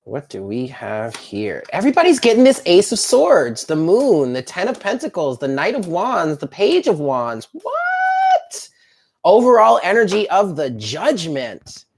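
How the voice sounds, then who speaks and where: Woman, low pitch, very animated, chatty tarot reader on a livestream. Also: normal speed, few pauses, slightly rough. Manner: chatty, upbeat, talks to viewers directly. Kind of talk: live-streamed tarot reading.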